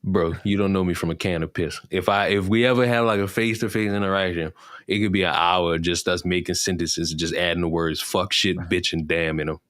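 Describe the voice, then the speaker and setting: A man with a low, deep voice trades blunt, profane remarks in casual banter. He speaks close to the mic in a dry, dead-sounding room. His delivery is joking but pointed. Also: steady tone, a little fast, fairly bright tone, no room sound.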